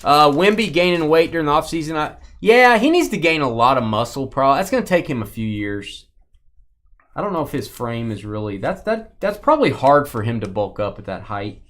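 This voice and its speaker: Guy hosting a live card break stream, lively up and down voice, teasing his buddy. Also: on the high side, brisk. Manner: teasing, animated, calls out cards and players.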